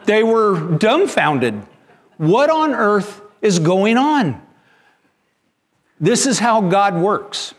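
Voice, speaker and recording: A man's voice: high-pitched, big pitch swings, very slow, pauses often. A man pastor preaching a sermon, telling a story with frequent restarts and repeated words.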